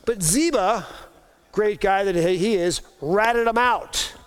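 A pastor preaching a sermon, telling a Bible story and acting out the voices of its people. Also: male voice, high voice, slow, smooth.

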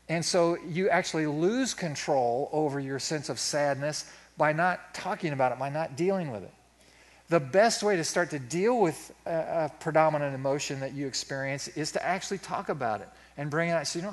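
A middle-aged male pastor preaching a sermon in a folksy, self-deprecating way, acting out his own inner thoughts. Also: fairly high pitch.

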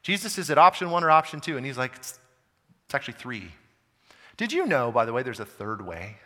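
A man's voice: mid-range voice, very animated, fast, big-room sound. A man preaching a sermon as a pastor from the United States, talking conversationally and then suddenly hitting words hard. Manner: emphatic, conversational preaching with wide swings in loudness.

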